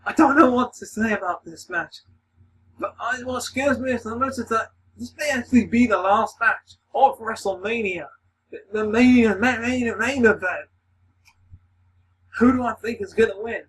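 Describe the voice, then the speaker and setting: A man rambling excitedly in a casual monologue, swearing often as he gives predictions. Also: extremely high pitch, moderate pace, recorded from a distance, a little hiss or hum, rough recording. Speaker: video maker giving predictions.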